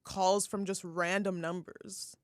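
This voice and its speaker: A woman's voice: on the low side, level tone, slow, dry recording, studio quality. A young woman chatting casually on a podcast. She laughs often and trails off mid-sentence. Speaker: podcast co-host. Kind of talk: casual chat.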